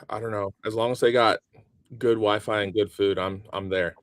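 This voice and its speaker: A man's voice: lowish voice, moderate pace, dry recording. Laid-back guy chatting as a guest, lots of ums, dry close sound. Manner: relaxed, thinks aloud with many ums. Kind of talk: casual interview chat.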